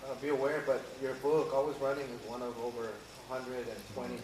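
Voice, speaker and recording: A man asks an author his questions, pausing and hesitating as he goes. The voice sits away from the mic in a roomy, echoing space with clear background noise. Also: mid-range voice, little pitch movement. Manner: hesitant, halting delivery of questions. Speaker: interviewer. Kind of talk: interview questions. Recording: echoey room, distant mic, noisy ambience.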